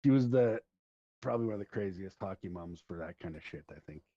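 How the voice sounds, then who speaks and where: Animated and fast-talking, this middle-aged podcast host from Central Alberta, Canada has a low, mellow voice with no room sound. He tells long rambling stories in casual chat and laughs along the way, recorded in dull lo-fi.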